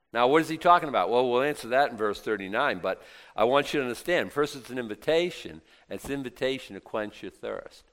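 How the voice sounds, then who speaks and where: A man's voice: mid-range voice, animated, fast. A man preaching a Bible teaching, reading scripture and commenting in a joking, conversational way with rhetorical questions. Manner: reads scripture aloud, then comments in a joking conversational aside; asks the listeners rhetorical questions, with swings between loud and quiet.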